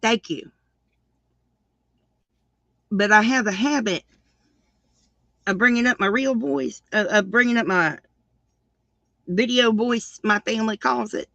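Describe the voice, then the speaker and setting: A woman with a Southern country accent, chatting casually and deliberately as co-host of a crochet live stream. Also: on the high side, vocal fry, fairly bright tone, no echo, highs cut off.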